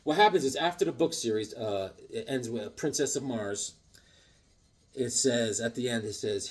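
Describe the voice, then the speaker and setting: A man in a casual vlog, excitedly showing off his comic collection with rambling, self-deprecating asides. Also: mid-range voice, normal speed, husky. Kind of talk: casual show-and-tell vlog.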